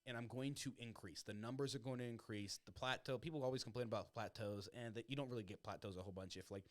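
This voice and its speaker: A man's voice: medium pitch, fast talker. A young adult man hosting a podcast, chatting casually and animatedly, swearing freely. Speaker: podcast host. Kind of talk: casual chat.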